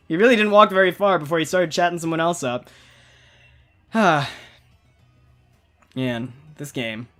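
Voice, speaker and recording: A man's voice: on the high side, fairly bright tone. A man giving casual, rambling commentary while playing a game, often breaking off and restarting his thoughts. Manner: rambling, chatty, self-interrupting. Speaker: gaming channel host. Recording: faint game music behind.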